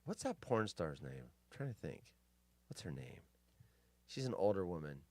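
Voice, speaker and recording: Animated, crude-talking male streamer. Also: low voice, moderate pace, dry recording. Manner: crude, rambling asides with frequent swearing; animated, jumps between loud outbursts and mutters. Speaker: live-stream host. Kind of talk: casual live-stream commentary reading news stories.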